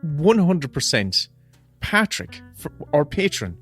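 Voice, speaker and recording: A man's voice: fairly high pitch, big pitch swings, takes it slowly, fairly bright tone, breathy edge, faint music behind. An Irish man co-hosting a podcast, telling a story animatedly with frequent laughter and swearing. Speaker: podcast co-host. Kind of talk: casual storytelling chat.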